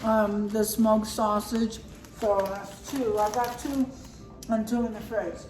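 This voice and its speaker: In a relaxed haul vlog, a middle-aged woman goes through her groceries at home, talking slowly in a fairly even voice on the high side and occasionally chewing as she speaks. The sound is echoey with a distant mic and noticeable background noise.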